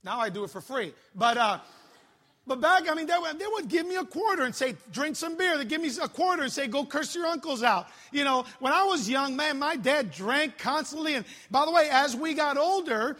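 Man preaching, high voice, joking, echoing church hall, middle-aged youth pastor. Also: fairly quick. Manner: animated, joking storyteller. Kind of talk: sermon. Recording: long hall reverb.

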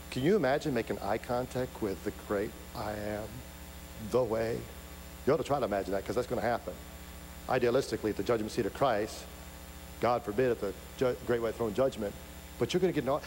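A man preaching to a congregation in a large sanctuary, his voice ringing with long reverb. He punches lines hard and loud, then falls back to a hushed, close tone. A faint hum sits under the recording. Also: mid-range voice, a little fast. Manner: emphatic, builds to loud rising peaks, drops to soft intimate asides. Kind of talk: sermon.

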